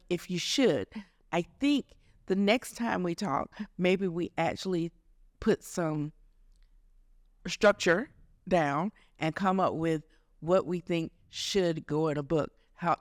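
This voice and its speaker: Male co-host with a high voice, reflective and guiding, in a dry room. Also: no echo. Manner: guiding, reflective, laughs easily. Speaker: podcast co-host. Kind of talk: casual chat.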